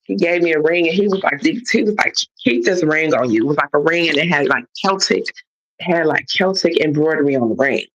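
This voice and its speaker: A woman's voice: sits low, brisk, slight background noise. A woman casually telling a long story on a live stream, acting out what others said. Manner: animated retelling that acts out others' lines. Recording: dull lo-fi stream audio.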